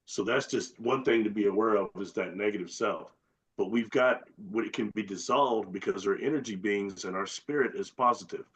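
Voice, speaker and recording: A man as a guest in a casual chat, explaining ideas slowly and deliberately and listing terms one by one. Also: lowish voice, a bit bright, breathy edge.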